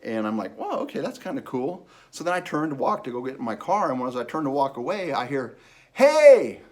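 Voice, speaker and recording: A man in his fifties, telling an earnest personal faith story with lively quoted dialogue. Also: medium pitch, fast. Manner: earnest, animated when quoting others. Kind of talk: personal testimony.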